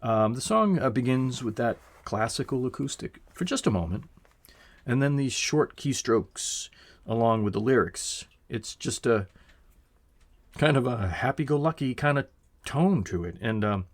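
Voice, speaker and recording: A man giving a casual, reflective album review, unhurried and full of fillers, swearing now and then. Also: medium pitch, animated. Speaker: music reviewer.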